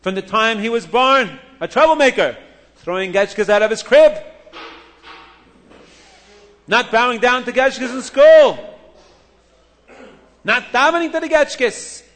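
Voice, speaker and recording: A stern Roman emperor blusters with emphatic force, as a man acts him out. His voice sits fairly high in a storybook telling. The hall adds long reverb. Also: lively intonation, measured pace, pauses often, fairly bright tone, exaggerated voice. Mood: indignant.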